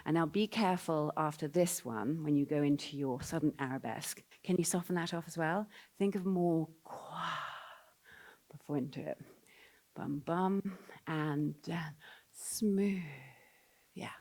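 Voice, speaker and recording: A woman's voice: deep voice, normal speed, darkish tone. A woman coaching a ballet dancer in a live rehearsal. She sings the counts and gives coaxing, encouraging corrections. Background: faint piano.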